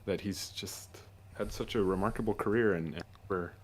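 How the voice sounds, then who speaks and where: A man's voice: fairly low pitch, a little fast. A man co-hosting a podcast in casual chat, musing aloud, rambling and laughing easily. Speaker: podcast co-host.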